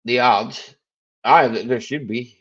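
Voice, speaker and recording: A man's voice: mid-range voice, takes it slowly, a bit bright, slightly rough. Male stream host, easygoing drawl, rambling jokes, muffled home-stream sound. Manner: jokey and rambling, chuckling often. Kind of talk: casual live chat.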